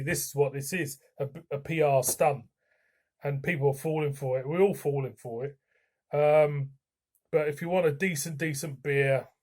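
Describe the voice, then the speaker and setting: A man's voice: on the high side, darkish tone. A man giving a blunt, frank beer review in a casual vlog, swearing now and then.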